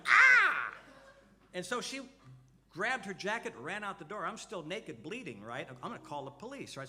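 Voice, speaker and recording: An older man, a musician on a festival stage, telling a meandering, profane anecdote in a casual way. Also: fairly high pitch. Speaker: musician and storyteller. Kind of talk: rambling onstage anecdote. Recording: loud music behind the voice. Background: loud music.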